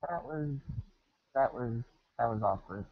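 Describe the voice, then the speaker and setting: A man on a podcast murmurs disbelieving asides in a mid-pitched voice. The audio is dry and dull, lo-fi. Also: lively intonation, a little slow, dry recording. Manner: quiet, incredulous asides. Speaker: podcast co-host. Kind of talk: casual chat.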